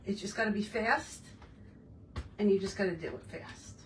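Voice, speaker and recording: A woman's voice: mid-range voice, moderate pace, a little hiss or hum. Woman, craft host, casual self-talk while working, slightly distant mic, faint room tone. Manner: chatty, self-talking while working with her hands. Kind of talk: casual crafting tutorial chat.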